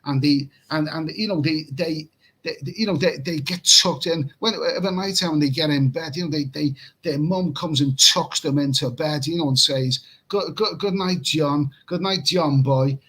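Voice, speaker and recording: A man's voice: on the high side, normal speed, a bit bright, slightly rough, poor audio. A man hosting a late-night livestream and reading chat comments in a casual, rambling way. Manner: rambling, repeats himself, chuckles at chat comments. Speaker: livestream host. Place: room in Pattaya at night.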